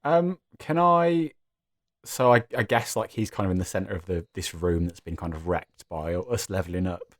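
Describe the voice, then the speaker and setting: Male player, very deep voice, laid-back, dry close mic. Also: steady tone, a little fast, hardly any pauses, dry recording. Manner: laid-back, filler-heavy. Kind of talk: tabletop role-play chat.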